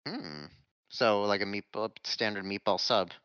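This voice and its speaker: Low-voiced man host on a dull mic. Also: a little slow, pushed and bright, clean tone, no echo. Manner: laid-back, joking, reads questions from the chat. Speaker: podcast host. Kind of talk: casual chat.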